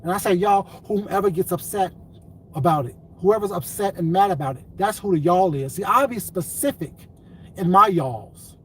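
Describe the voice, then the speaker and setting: A high-voiced man rants straight to his viewers, swearing freely and hammering the same point over and over. A faint hiss of background noise sits under the voice. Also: moderate pace, low-quality recording. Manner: profane, repetitive, confrontational. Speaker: commentary vlogger. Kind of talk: ranting commentary vlog.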